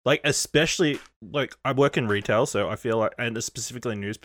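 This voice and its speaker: A man chatting on a podcast panel, giggly and lively. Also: medium pitch, a little fast. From Australia. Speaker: podcast panelist, retail worker. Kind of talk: casual roundtable chat.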